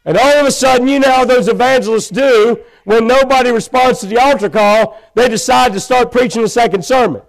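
A man preaching a sermon in a church, telling his own story with feeling and rising to loud pleading. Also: extremely high pitch, fairly quick, few pauses. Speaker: pastor. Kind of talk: sermon testimony. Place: church sanctuary.

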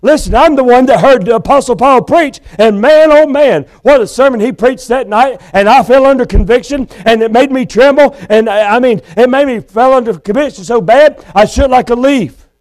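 A man's voice: very high-pitched, moderate pace, few pauses, pitched above the performer's own voice. Felix, a preacher playing a frantic begging man. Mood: pleading. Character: desperate lost man Felix pleading at judgment.

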